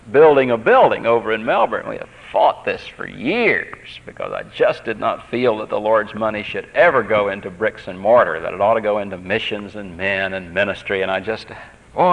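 A man's voice: fairly low pitch, vocal fry. Pastor, male, earnest chatty sermon delivery, muffled lo-fi tape. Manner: earnest, conversational, repeats phrases. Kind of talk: sermon with personal storytelling. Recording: dull lo-fi tape recording.

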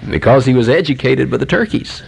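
A male preacher telling a humorous animal story in a folksy, unhurried sermon, with many pauses and fillers. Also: medium pitch, animated, creaky, a little mellow.

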